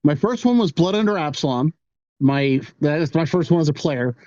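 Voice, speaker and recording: A man's voice: on the high side, lively intonation, normal speed, mellow, dry recording, dull audio. A man hosting a podcast, chatting casually and a little hesitantly. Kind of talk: casual chat.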